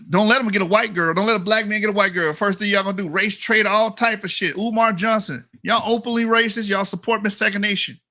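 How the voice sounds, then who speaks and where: High, bright-voiced man ranting bluntly. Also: no room sound, clean studio sound. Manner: blunt, mocking and profane. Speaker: channel host. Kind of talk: ranting commentary reacting to DNA results.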